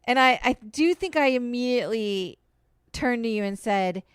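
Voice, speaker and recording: A woman co-hosts a home podcast with a slightly high, smooth, clear voice. She chats animatedly and pads her sentences with fillers. The sound is dry and close. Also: normal speed, no room sound. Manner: chatty, animated, lots of fillers. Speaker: podcast co-host. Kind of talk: casual chat. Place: home, indoors.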